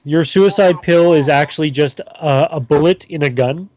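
A goofy young man with a fairly high voice, rambling and cracking silly jokes as he hosts a casual gaming chat. He talks into a computer mic. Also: moderate pace, a little mellow. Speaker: channel host.

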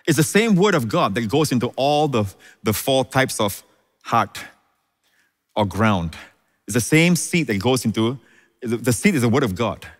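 Male pastor, mid-pitched voice, emphatic sermon with repeated phrases, long reverb of a large hall. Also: very animated, normal speed. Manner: emphatic preaching, repeats key phrases, calls out "Hallelujah".

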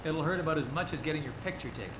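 A man's voice: a little high, rapid-fire, reverberant, background noise, natural voice. An actor playing a friendly young male researcher who reassures his patient before a scan. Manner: chatty, reassuring, light laughs.

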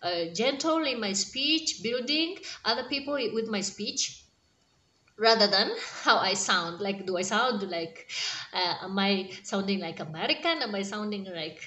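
A woman's voice: mid-range voice, lively intonation, measured pace, sharp tone. Earnest Kenyan woman in an echoey room. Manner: earnest, encouraging, with frequent fillers and restarts. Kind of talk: casual talk to camera. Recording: roomy echo.

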